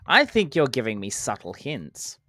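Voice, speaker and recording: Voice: mid-range voice, huge pitch swings, normal speed, bright, forceful tone, dry recording, clean studio sound. A game streamer chatting casually while playing, answering chat, counting down jumps and making playful sound effects.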